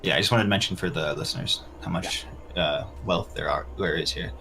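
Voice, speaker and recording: Brief: deep-voiced game master narrating loot and scenes. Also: male voice, fairly quick, vocal fry.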